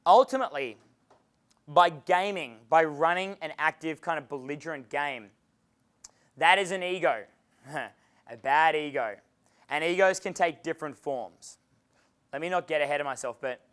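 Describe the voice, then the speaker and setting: A man giving a live dating seminar as coach, talking with energy and swearing freely. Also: on the high side. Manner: energetic and profane, acting out quotes. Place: seminar room.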